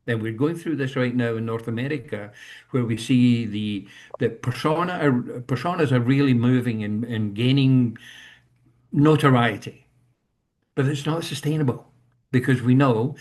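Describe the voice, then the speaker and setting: A man's voice: mid-range voice, a little mellow. Man, 70s, motivational talk, earnest, emphatic, repeats lines, video call mic. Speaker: speaker leading a leadership session.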